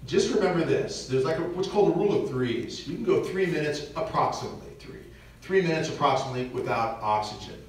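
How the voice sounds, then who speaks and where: A man giving a lively parish mission talk on preparedness, joking and acting out little scenes for the audience. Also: on the high side, quick pace. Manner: animated, jokey, acts out little scenes. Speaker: visiting speaker on preparedness. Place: church hall. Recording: echoey church, recorded from far off.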